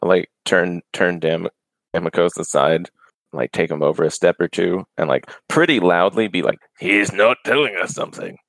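A man describing his actions casually as a player in a tabletop game, with many loose fillers. His voice is low and gravelly, recorded close and dry. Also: normal speed, no echo.

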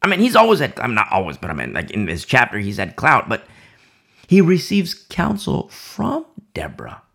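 Impassioned preacher with a gravelly voice. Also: male voice, medium pitch, huge pitch swings, moderate pace. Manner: impassioned, swings between loud emphasis and hushed asides; repeats phrases for effect. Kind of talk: Bible teaching sermon.

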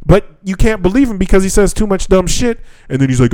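This podcast co-host's voice sits high, warm and lively in intonation, moving at a quick pace in a dry recording. He's in a casual chat, ranting, swearing a lot, and laughing often.

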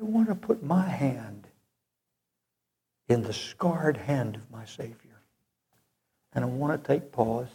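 A man's voice: medium pitch, animated, vocal fry, warm tone, husky. A male preacher delivering an earnest sermon that rises to fervent moments. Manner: slow, earnest, rising to fervent.

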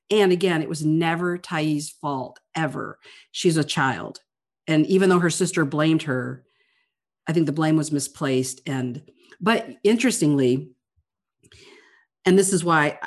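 A woman with a low, deep voice chats earnestly about a book she has read. She talks in animated bursts and restarts her phrases often, the way a librarian co-hosting a casual podcast would. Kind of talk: casual book-club chat.

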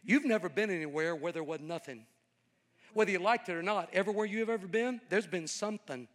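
High, bright-voiced preacher in a reverberant hall. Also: male voice, fairly quick. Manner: folksy storytelling building into fervent preaching cadence. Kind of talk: storytelling sermon. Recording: long reverb of a large hall.

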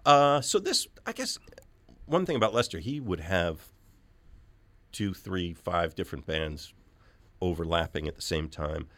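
A man's voice: deep voice, expressive, unhurried, a bit bright. A man hosting a radio music show, talking casually with many fillers. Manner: loose, chatty, many fillers. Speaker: radio host. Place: radio studio.

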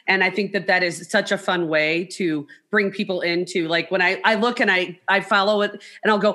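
A woman's voice: mid-range voice, fairly quick, hardly any pauses. A middle-aged woman co-hosting a podcast, chatting casually and acting out the voices of people in her stories. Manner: animated storyteller who acts out quoted voices. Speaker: podcast co-host. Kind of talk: casual chat.

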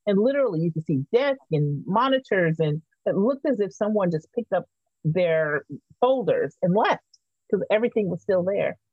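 A woman guest in a podcast interview, telling a lively story and acting out the voices of the people in it. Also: medium pitch, normal speed, breathy edge, dry recording. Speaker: guest, artist and activist. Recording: thin, phone-like sound.

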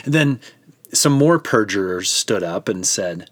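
A man narrates a scripture story with dramatic, vivid storytelling. His voice is low and husky. The recording is dry and close. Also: expressive, slow pace, dry recording.

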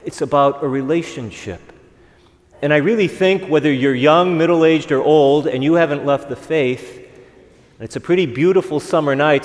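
A man, a priest, giving a conversational homily at an evening Mass, asking the congregation rhetorical questions. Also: medium pitch. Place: church. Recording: long reverb of a church.

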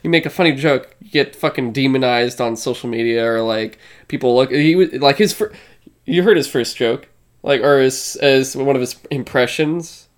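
A man co-hosting a podcast in casual chat, excited and profane, often restarting his sentences. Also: medium pitch, normal speed. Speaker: podcast co-host.

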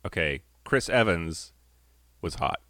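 A man with a low voice hosts a loose, joking podcast chat. He laughs easily and his pitch leaps around a lot. The sound is dry and close. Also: expressive, slow, bright, forceful tone, no room sound. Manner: giggly, riffing, bursts into high squeals. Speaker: podcast co-host.

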